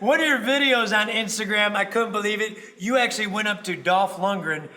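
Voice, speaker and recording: A man's voice: high-pitched, a little fast, bright, forceful tone. A man hosting a talk show, enthusiastic and laughing often as he hypes up his guest. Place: studio.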